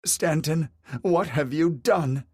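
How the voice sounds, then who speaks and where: Man doing a betrayed rich wife, high voice, accusing, shrill, storybook. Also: slow, a little mellow, husky, dry recording, studio quality. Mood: outraged. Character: furious betrayed wealthy wife, middle-aged woman.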